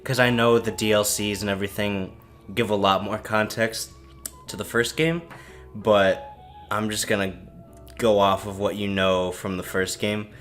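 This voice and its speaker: A man's voice: fairly low pitch, flat delivery, a little slow, a bit bright, faint music behind. Tipsy man rambling through a story. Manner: rambling, laughing, silly put-on quote voices. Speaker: podcast co-host. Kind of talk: casual drunken story retelling.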